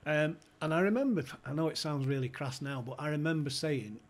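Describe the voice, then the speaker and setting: A man's voice: on the high side, fairly quick. A man telling stories casually, swearing and laughing as he goes. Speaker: podcast guest, former club insider. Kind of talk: casual storytelling chat.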